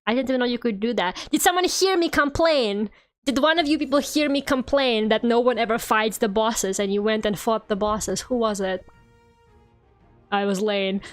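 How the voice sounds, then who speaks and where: A woman's voice: a little high, moderate pace, faint music behind. A young woman streaming a game, chatting casually and ranting with lots of "like"s. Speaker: VTuber streamer. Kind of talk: casual live-stream chat while gaming.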